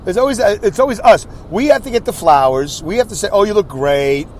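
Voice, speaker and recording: A man's voice: high-pitched, expressive, brisk, darkish tone. A middle-aged man, a podcast host and comedian, rambling through a joking, self-deprecating monologue and acting out the voices he quotes. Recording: faint background noise.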